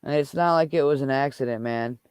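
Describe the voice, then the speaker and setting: A man's voice: mid-range voice, brisk, smooth, no room sound. Profane man ranting on a livestream. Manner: angry, profane, heated rant. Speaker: livestream host. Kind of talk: casual ranting livestream chat.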